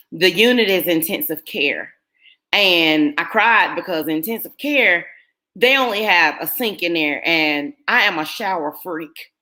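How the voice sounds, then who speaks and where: A woman's voice: mid-range voice, sharp tone. A middle-aged woman, telling a personal story to her viewers in an earnest, emotional way. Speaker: vlogger.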